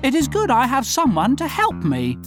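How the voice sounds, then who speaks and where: Woman as a bragging, playful storybook cat; lilting, high-set delivery. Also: huge pitch swings, normal speed, loud music behind the voice. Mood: boastful. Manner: boastful, playful, sing-song. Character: mischievous grown male cat in a tall hat.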